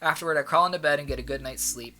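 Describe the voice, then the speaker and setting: Female let's-play host, low-pitched, playful reading of game text. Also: rapid-fire, noisy background. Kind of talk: casual let's play narration. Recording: loud game music behind.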